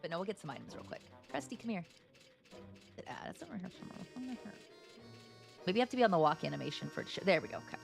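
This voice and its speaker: A woman's voice: lowish voice, big pitch swings, quick pace, creaky, pauses often, music in the background. A woman chatting casually with her livestream viewers while she plays, greeting them by name. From United States. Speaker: streamer. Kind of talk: casual gaming livestream chat.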